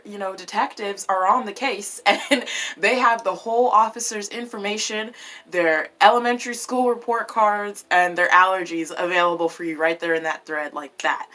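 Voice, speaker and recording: A woman vlogging in a casual, animated way, swearing freely and tossing in French words. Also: mid-range voice. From United States. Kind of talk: casual opinion vlog.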